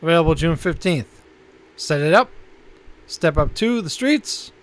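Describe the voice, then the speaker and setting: A man's voice: on the high side, expressive, unhurried. A man co-hosting a casual chat show, reading a list in a laid-back way and chuckling often. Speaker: co-host.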